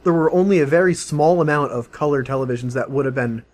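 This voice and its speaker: A man's voice: fairly high pitch, fast talker, darkish tone. A man co-hosting a casual gaming podcast, chiming in with details and corrections. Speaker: podcast co-host.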